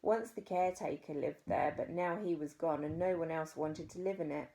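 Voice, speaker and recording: New Zealand woman, low-pitched reader, expressive children's storyteller. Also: gravelly. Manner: expressive, dramatic pauses. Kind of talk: reading a children's book aloud.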